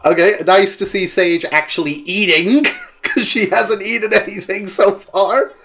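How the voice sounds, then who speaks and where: A man's voice: high-pitched, fairly even intonation, unhurried, vocal fry, pushed and bright. A man hosting a casual reaction chat, laughing often, swearing and sounding exasperated. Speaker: host.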